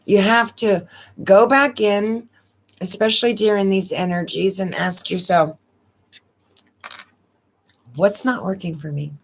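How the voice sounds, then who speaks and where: A woman's voice: medium pitch, fairly even intonation, slow, long pauses, slight background noise. A woman hosting a casual live stream, talking in a rambling, emotional way and repeating words as she goes. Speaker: astrology channel host.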